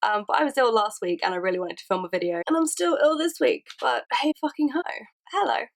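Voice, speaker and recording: Young woman, hoarse from a cold, casual sweary vlog chat, fairly high pitch. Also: quick pace. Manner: chatty, self-mocking, sweary. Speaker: vlogger.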